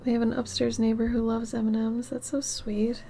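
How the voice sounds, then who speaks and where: A tired woman chatting casually with viewers while she draws on a livestream, soft-spoken and often dropping into half-whispered asides. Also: on the high side, level tone, moderate pace, soft background music. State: tired, yawning. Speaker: art livestreamer. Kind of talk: casual chat while drawing on stream.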